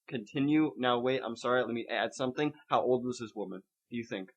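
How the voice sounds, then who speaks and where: A man's voice: mid-range voice, fast, hardly any pauses. A young man co-hosting a podcast in casual chat, ranting and swearing with sarcasm. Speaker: podcast co-host.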